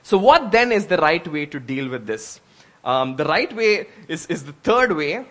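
A man's voice: a little high, big pitch swings, unhurried, a bit bright. A man preaching a sermon as pastor, earnest and conversational, with emphatic rises.

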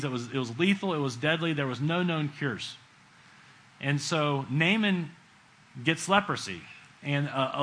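A middle-aged man delivers a sermon in a bright, forceful voice that sits a little high for a man. He talks to the congregation conversationally, acts out the people in his story, and drops to a hush for emphasis. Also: low-quality recording. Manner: conversational preaching, acts out quotes, swings between loud and hushed. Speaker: preacher.

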